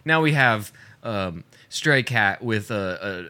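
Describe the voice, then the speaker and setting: A man's voice: on the low side, animated, slow, sharp tone. A young man co-hosting a podcast in casual chat, laid-back and often restarting his sentences. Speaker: podcast co-host.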